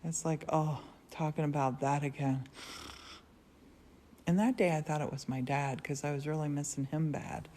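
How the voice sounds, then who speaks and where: A woman hosting a casual live stream, telling rambling stories with frequent laughs from a quiet converted church studio. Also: deep voice, fairly even intonation, normal speed, a little hiss or hum. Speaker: livestream host. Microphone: phone livestream.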